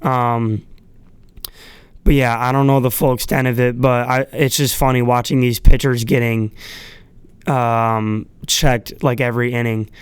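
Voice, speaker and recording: Smooth-voiced man rambling casually. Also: mid-range voice, little pitch movement, measured pace, dry recording. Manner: rambling, filler-heavy, chuckling asides; irreverent, swears freely. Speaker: podcast host. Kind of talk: casual solo monologue.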